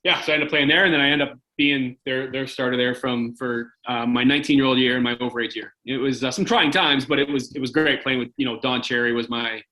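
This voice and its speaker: Interview guest: man, 40s, from Canada, bright and rambling, fillers everywhere. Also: medium pitch, steady tone, fast, hardly any pauses, rough recording. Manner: rambling, lots of "like" and "right?". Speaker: podcast guest, former hockey goalie. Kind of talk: casual interview storytelling.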